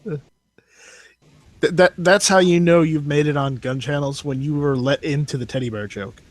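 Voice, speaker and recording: Higher-voiced man stumbling into his sentences. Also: normal speed, rough recording. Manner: stammering restarts, joking. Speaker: voice chat participant. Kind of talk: casual chat.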